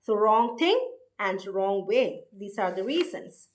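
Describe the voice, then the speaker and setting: A woman presenting a book summary in an explanatory talk, deliberately repeating key points and posing rhetorical questions to the listener. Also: mid-range voice, lively intonation, a little hiss or hum.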